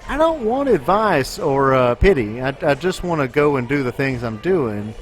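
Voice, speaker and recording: A man co-hosting a podcast, opinionated and quick to get fired up in casual chat. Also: medium pitch, sing-song. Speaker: podcast co-host.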